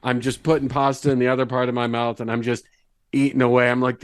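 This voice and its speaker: A man at a tabletop game tells what his character does in an animated, storytelling way. His voice sits in a middle register. The sound is close and dry. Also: mid-range voice, fast, smooth, no room sound. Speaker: player. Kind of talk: describing actions in a tabletop game.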